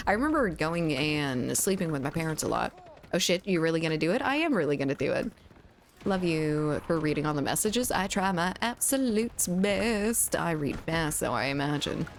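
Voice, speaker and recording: A woman's voice: on the low side, a little hiss or hum. A woman streamer chatting casually and reading viewer messages aloud, giggling often, at a desk mic at home. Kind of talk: casual chat reading live chat.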